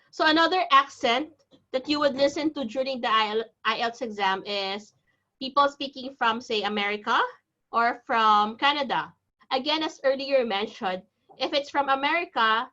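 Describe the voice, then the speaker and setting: Woman, exam-prep teacher, online lecture, slightly high pitch, dull video-call sound. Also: bright, forceful tone. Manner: chatty, reassuring, explaining step by step. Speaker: IELTS teacher.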